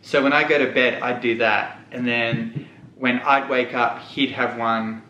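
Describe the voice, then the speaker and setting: Close to tears, a young vlogger candidly shares a personal story on camera in a steady, mid-range voice with a sharp tone and measured pace. The recording comes from the camera mic in an echoey room, and its high frequencies are cut off.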